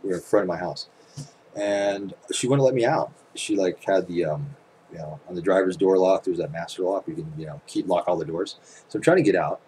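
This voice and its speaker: Deep-voiced man ranting with heavy profanity. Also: a little fast, a little mellow, slight background noise, rough recording. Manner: profane, emphatic storytelling with rhetorical questions. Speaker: channel host. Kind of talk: casual ranting monologue to camera. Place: at home.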